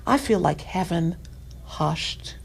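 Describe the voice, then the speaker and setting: A middle-aged woman guest on a podcast, telling a deeply personal story in a soft voice that sometimes sinks to near-whispers. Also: lively intonation, takes it slowly, vocal fry, slight background noise, rough recording. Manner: soft-spoken, drops to near-whispers at tender moments.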